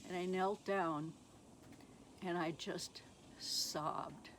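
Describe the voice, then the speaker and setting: A middle-aged woman telling her personal faith testimony slowly and haltingly, with many pauses. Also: on the low side, steady tone, a bit bright, slight background noise. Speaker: speaker sharing her testimony.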